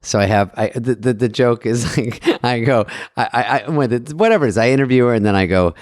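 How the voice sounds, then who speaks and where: A man's voice: a little fast, darkish tone, dry recording, clean studio sound. A man co-hosting a podcast, telling a rambling story and acting out quotes in bursts. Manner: rambling storyteller, acts out quotes with jumpy pitch. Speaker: co-host. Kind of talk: casual podcast chat.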